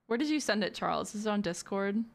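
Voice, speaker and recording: A woman's voice: medium pitch, animated, fast, vocal fry. A young woman streamer chatting casually with her viewers, giggly and full of "like" fillers. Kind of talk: casual live-stream chat.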